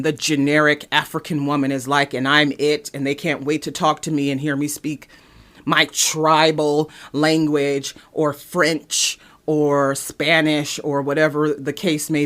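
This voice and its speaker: A young woman from East Cleveland, Ohio, hosting a podcast and telling personal stories in an animated, emphatic way. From East Cleveland, Ohio, USA. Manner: animated storytelling, sharp pitch jumps when emphatic. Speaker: podcast host. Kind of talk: personal commentary monologue.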